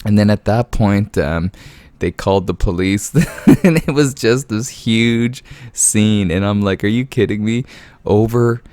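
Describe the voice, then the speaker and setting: A man's voice: fairly low pitch, slow, darkish tone, dry recording. A man hosting his gaming channel from home late at night, chuckling through casual commentary and keeping his voice down. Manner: easygoing, chuckling, peppers talk with "man"; keeps voice down so as not to wake the house. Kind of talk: casual game commentary and storytelling.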